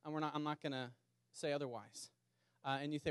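An earnest male pastor delivering a sermon to a small congregation, his voice sitting a touch high for a man. He repeats phrases and slows down to press a point home. The sound is close and dry, with little room echo. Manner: earnest, repeats words, speeds up and slows for emphasis. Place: small church meeting in a community center.

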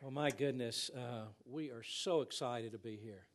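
A man's voice: mid-range voice, moderate pace, slight background noise. A man, a visiting speaker, greeting a church congregation in a folksy, joking way. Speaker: guest speaker, ministry president. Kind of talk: friendly guest address to a church.

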